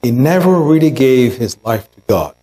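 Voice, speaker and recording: A man's voice: medium pitch, animated, normal speed, dark tone, low-quality recording. A pastor preaching a sermon in a church, earnest, lifting his voice to act out quoted words. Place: church sanctuary.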